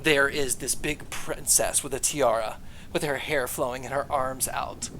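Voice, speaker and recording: Bright-voiced man running a game. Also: mid-range voice, fairly even intonation, a little slow, slight background noise. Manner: loose, hedging narration. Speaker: game master. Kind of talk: narrating a tabletop game.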